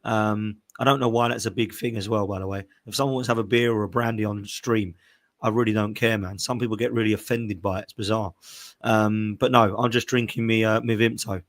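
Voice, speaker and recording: A man's voice: fairly low pitch, steady tone, brisk. Opinionated man ranting on football. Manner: opinionated, emphatic, rants with rhetorical questions. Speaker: podcast host. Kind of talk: casual live-stream football chat.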